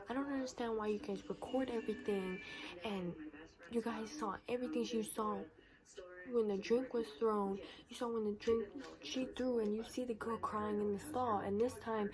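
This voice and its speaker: A woman's voice: fairly high pitch, moderate pace, a crowd in the background, poor audio. A teenage girl retelling a school confrontation as a vlog storytime, acting out the quoted lines. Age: teens. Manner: animated retelling, acts out quoted dialogue. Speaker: vlogger.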